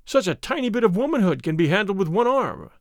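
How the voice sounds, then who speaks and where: A man's voice: sits high, big pitch swings, fast talker, dry recording, clean studio sound. A man reading a storybook, voicing an arrogant, bullying army captain with a mocking, sneering manner.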